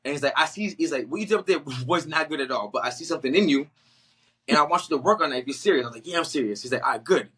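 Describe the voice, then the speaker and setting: A young man from the Boston area, a guest on a podcast, telling his story in a casual, animated way, acting out the people he quotes and mixing in slang. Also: a little high, racing, husky. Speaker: guest, actor.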